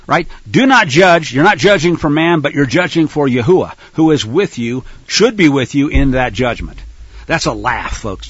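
A man preaching in an animated, rhetorical style, addressing listeners as folks, on a dull lo-fi recording. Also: fairly high pitch, husky, no room sound. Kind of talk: sermon-style Bible teaching.

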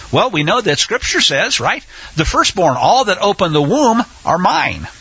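A male Bible teacher with a bright, husky voice speaks in an impassioned, conversational way. His pitch swings widely as he preaches. The audio is dry and dull, like a lo-fi radio broadcast. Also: no room sound. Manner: impassioned, indignant preaching with asides.

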